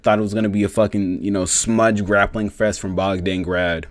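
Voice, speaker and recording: A man giving a casual, rambling reaction breakdown of fights as a reviewer, swearing heavily and filling pauses with "um" and "you know". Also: fairly low pitch, flat delivery, slight background noise. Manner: rambling, heavy swearing, many fillers.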